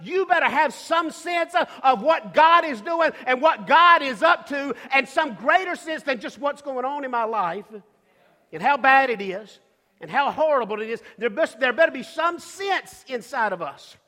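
A male preacher delivering a sermon, emphatic and repetitive, building to shouts, in a church with long reverb. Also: very high-pitched, expressive, moderate pace.

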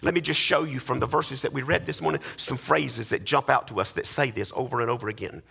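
A man's voice: medium pitch, quick pace, gravelly, sharp tone, husky. A man preaching a sermon, emphatic and rhythmic, with repeated refrains that lift into sing-song cadences. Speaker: pastor.

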